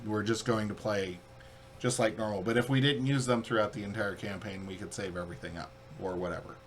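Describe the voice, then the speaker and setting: A man's voice: fairly low pitch, steady tone, fairly quick, slight background noise. A man co-hosting a board game playthrough, reading the rules aloud in a casual, joking way. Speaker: co-host and rules reader.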